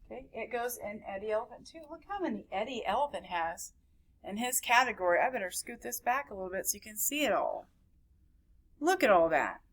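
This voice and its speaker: A woman teaching a recorded phonics lesson to young children, slowly stretching out and repeating each sound in a sing-song way. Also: a little high, sing-song, a bit bright. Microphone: camera recording at a desk.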